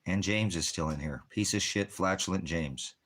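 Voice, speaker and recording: A man's voice: low-pitched, moderate pace, fairly bright tone. An American man, a military veteran, hosting a ministry livestream from out in the desert and angrily berating viewers in his chat with heavy profanity. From United States.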